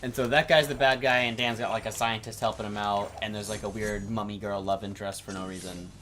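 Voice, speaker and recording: A man's voice: lowish voice, steady tone, fast, bright, forceful tone, a little hiss or hum. A man co-hosting a casual gaming chat, telling a story in a rambling way with swearing and laughter. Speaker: co-host of a gameplay commentary show.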